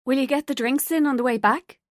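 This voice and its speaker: A timid, awkward young woman, voiced by a woman narrator. She sounds slightly higher and hesitant. The recording is dry and close. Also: a little fast, no room sound, lightly acted. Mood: shy. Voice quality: timid and blunt.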